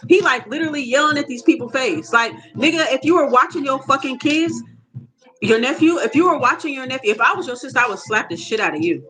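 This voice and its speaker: A woman telling a casual, profane story, animated and often laughing. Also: high voice, quick pace, music in the background, rough recording. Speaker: tarot reader vlogger.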